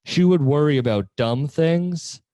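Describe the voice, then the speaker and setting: A man's voice: fairly high pitch, unhurried, dark tone, no echo. A man hosting a casual chat podcast, rambling through stories and laughing often. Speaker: podcast host.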